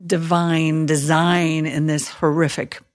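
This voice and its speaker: A woman's voice: deep voice, little pitch movement, slow. A middle-aged woman, a hospital chaplain, telling an emotional story in a casual podcast chat and acting out what she thought and said. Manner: earnest, emotional storytelling with acted-out inner voices.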